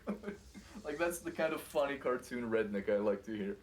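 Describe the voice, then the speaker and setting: A man's voice: medium pitch, normal speed, slight background noise. A man with a Russian accent chatting casually while gaming, swearing, laughing and acting out stories. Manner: swearing, laughing, lively storytelling with imitated voices. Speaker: co-player.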